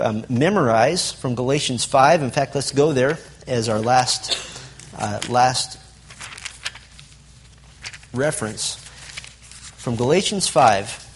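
Husky-voiced man teaching a Bible class. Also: medium pitch. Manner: asks the audience questions, emphatic lists. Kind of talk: interactive Bible lesson.

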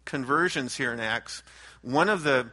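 Pastor guy preaching thru the verses, bright punchy voice, earnest, restarts a lot. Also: mid-range voice, unhurried. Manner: earnest, animated when quoting, restarts phrases. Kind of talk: expository sermon.

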